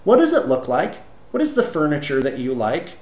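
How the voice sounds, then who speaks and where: A man's voice: mid-range voice, wildly swooping pitch, normal speed. A man in an interview giving emphatic, lecturing motivational advice with rhetorical questions. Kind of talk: motivational monologue. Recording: roomy echo.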